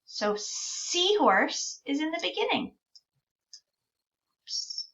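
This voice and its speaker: Woman teacher, speech-sound lesson for small kids, very slow, sounds out words, dull distant recording. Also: high voice, big pitch swings, fairly bright tone.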